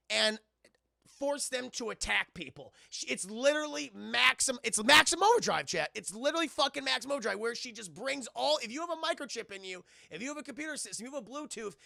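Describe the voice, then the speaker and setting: A man with a high, heavily gravelly voice tells a story to his live chat in a fast, profane, animated way. His tone is sharp and forceful, and the sound is dry and close on a desk mic. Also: no room sound. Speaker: streamer reviewing a film. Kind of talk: excited spoiler recap to live chat.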